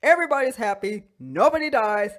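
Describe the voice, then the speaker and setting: A woman hosting a toy channel, telling a fan story in a casual, animated way with frequent giggles. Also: a little high, fairly quick, slight background noise.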